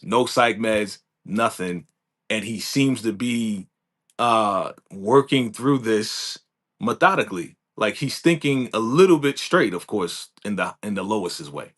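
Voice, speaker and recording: A playful man co-hosts a loose live chat. He chuckles often and keeps coming back to the same point. His pitch moves up and down in a very animated way. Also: a little slow. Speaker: co-host. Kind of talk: casual live recap chat.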